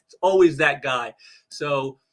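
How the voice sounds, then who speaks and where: A man's voice: fairly high pitch, slow pace, fairly bright tone. A man casually reviewing a comic book, rambling with many restarts and fillers, and stressing key words for emphasis. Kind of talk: casual commentary while reading aloud.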